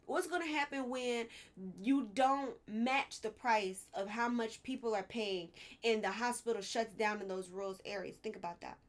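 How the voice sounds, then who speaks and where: A woman's voice: fairly high pitch, a bit bright. A woman hosting a live stream, giving blunt, emotional political commentary and swearing when she gets worked up.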